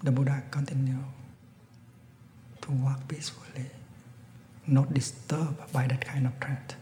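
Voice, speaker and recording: A man giving a Buddhist dharma talk, telling a story in a calm, gentle way that often falls to a near whisper. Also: mid-range voice, a little hiss or hum. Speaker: Buddhist teacher. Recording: echoey hall, long reverb.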